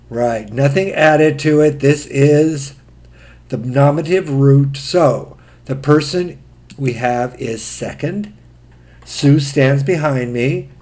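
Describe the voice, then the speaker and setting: A male teacher works through Greek grammar in a recorded lecture. He speaks at an unhurried, deliberate pace. His voice sits at an average pitch, and he lays out each point methodically. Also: darkish tone. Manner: slow, methodical explaining.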